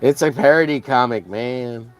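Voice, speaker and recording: A man's voice: mid-range voice, normal speed, soft background music. A man casually chatting on a livestream while coloring a comic, rambling with many fillers and laughing at his own jokes.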